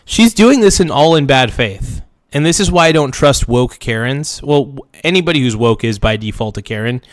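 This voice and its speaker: A man's voice: medium pitch, lively intonation, normal speed, dry recording, studio quality. A man hosting a livestream, giving blunt, mocking political commentary with rambling asides. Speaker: streamer host.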